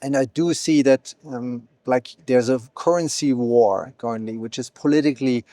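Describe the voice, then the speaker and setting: Interviewed conversationally at an event venue, the founder of an exchange speaks at normal speed in a warm, medium-pitched voice, recorded dry. He's fluent, yet his speech is full of fillers and false starts.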